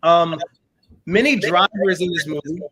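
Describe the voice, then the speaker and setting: A man in his thirties hosts a casual film review podcast with a somewhat high voice. He talks in an animated, storytelling way and acts out what people said. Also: normal speed, breathy edge, poor audio. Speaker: podcast host.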